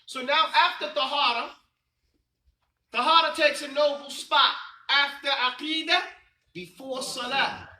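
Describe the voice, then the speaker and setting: A man's voice: very high voice, steady tone, a little slow, long pauses, bright, forceful tone, reverberant, distant mic, poor audio. A man teaching a religious class, quizzing his students and stressing key points. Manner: quizzing students, emphatic and repetitive. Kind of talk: classroom lesson with call and response.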